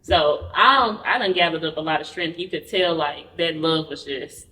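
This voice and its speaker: A woman's voice: sits low, normal speed. Woman telling her story in a roomy space. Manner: animated, acts out quoted dialogue; candid, conversational. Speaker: podcast guest. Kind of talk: personal storytelling in an interview. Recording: roomy, mic at a distance.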